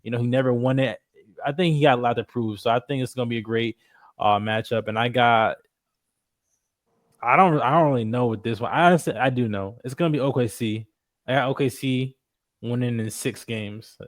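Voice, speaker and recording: A man's voice: medium pitch, a little fast, no echo, studio quality. A man co-hosting a casual sports talk show, giving his playoff pick in an easygoing way with lots of fillers. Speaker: podcast co-host.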